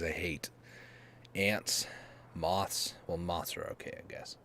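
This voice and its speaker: A young man with a sore throat, rambling quietly through late-night gameplay commentary. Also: sits low, a little slow, slight background noise. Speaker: gaming streamer.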